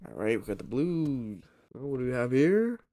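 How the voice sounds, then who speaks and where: Casual pack-opening commentary comes from a young man with a mid-range voice and a moderate pace. He opens trading cards on his YouTube channel, chatting eagerly and speaking directly to his viewers.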